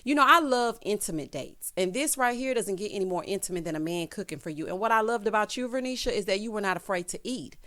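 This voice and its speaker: A woman in her thirties recapping a reality show in a sassy, animated way, tossing in "honey" and "child" as she goes. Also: medium pitch, fast talker, hardly any pauses.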